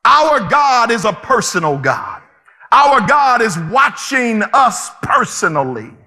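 A male pastor preaching an impassioned sermon, often shouting his points. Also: very high voice, big pitch swings, slow pace, big-room sound.

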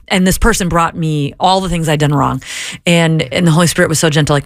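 Woman, talk show guest, lowish voice, animated storytelling, acts out quotes, dry sound. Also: fast, no room sound. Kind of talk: faith talk show conversation.

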